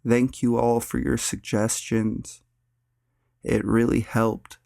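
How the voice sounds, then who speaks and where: A young male narrator reads a scary story aloud in a flat, deadpan monotone. His voice is gravelly with a little vocal fry, and the recording is dry and close to the mic. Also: medium pitch, slow pace, no echo. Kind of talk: reading a horror story aloud.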